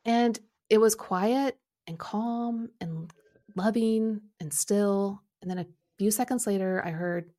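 A middle-aged woman coaching and telling a personal story in an animated way, acting out quoted lines. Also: mid-range voice, slow pace. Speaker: Enneagram coach and podcast host.

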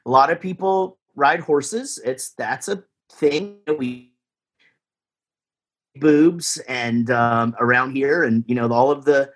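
A man's voice: medium pitch, slow. A man, chatting in a rambling, easygoing way as a guest musician on a podcast. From Texas, USA. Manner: rambling, lots of fillers and restarts, easygoing. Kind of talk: casual interview chat.

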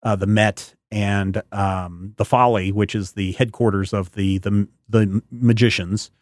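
A man's voice: lowish voice, fairly even intonation, a little slow, dry recording, studio quality. A man hosting a podcast in casual chat, rambling and searching aloud for names and details. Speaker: podcast host.

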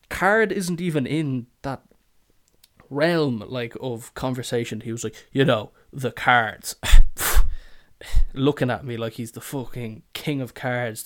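A man hosting a podcast, telling a sweary, exasperated story and acting out both sides of the exchange. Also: mid-range voice. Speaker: podcast host. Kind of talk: casual storytelling rant.

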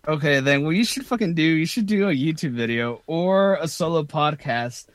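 A man co-hosting a podcast in casual chat, relaxed and agreeable. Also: fairly high pitch, moderate pace, no room sound. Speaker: podcast co-host.

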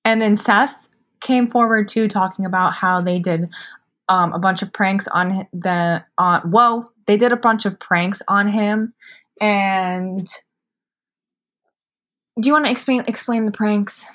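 A woman's voice: medium pitch, a little slow, a bit bright. A woman in her twenties, a podcast co-host, telling a story in casual chat over drinks, full of "like" and swearing. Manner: chatty storytelling, frequent "like" and swearing.

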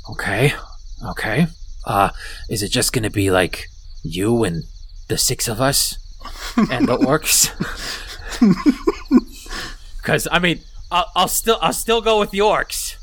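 A man's voice: medium pitch, expressive, slow, pauses often, fairly bright tone, slight background noise. A man voicing a weary, downtrodden male kobold leader in a tabletop game, rambling and hesitant.

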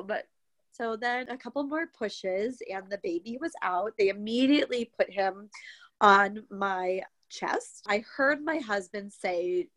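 A young woman tells a story in a relaxed, conversational voice and brings it to life by acting out the lines other people said. Her voice sits in a middle register. The recording is dry and close, with very little room sound. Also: medium pitch, a little slow, no echo. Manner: chatty, animated retelling with many quoted asides. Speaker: guest telling her birth story.

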